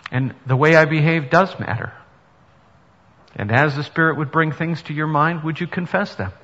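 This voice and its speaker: A man's voice: a little high, normal speed, a bit bright. A male pastor giving an earnest sermon that rises to emphatic preaching in a church. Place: church sanctuary. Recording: dull sound with long reverb in a hall.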